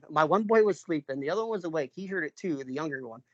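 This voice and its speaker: A man from New York tells his story in a casual, meandering way, leaning on fillers and stopping to clear his throat. His voice sits a bit higher than most men's. The recording is dry and dull, with little room sound and a muffled, lo-fi tone. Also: lively intonation, quick pace, dry recording. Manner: rambling, many fillers and restarts, frequent throat clearing. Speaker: interviewee, father recounting an encounter.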